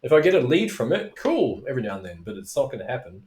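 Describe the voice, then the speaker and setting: A man's voice: mid-range voice, big pitch swings, fast, a little mellow. A middle-aged man, teaching as a business coach in a casual, rambling way, with tangents and swearing. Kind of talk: casual talking-head video lesson. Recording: roomy echo.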